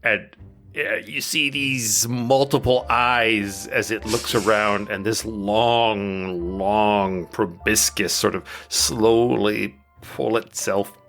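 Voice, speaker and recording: A man narrating a tabletop game as dungeon master, in slow, descriptive turns. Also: lowish voice, steady tone, fairly bright tone, soft background music.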